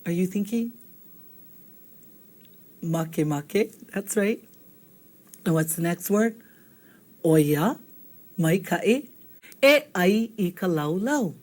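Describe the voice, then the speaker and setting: A woman's voice: lowish voice, expressive, takes it slowly, long pauses, darkish tone. Patient woman teaching a language lesson. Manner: patient, repetitive, checks in with "okay?". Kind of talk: classroom-style language lesson.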